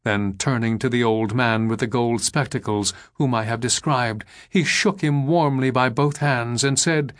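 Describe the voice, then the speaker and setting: In this scripted audiobook narration, a male narrator tells a gothic story. He uses a mid-range voice and a deliberate, expressive storytelling style.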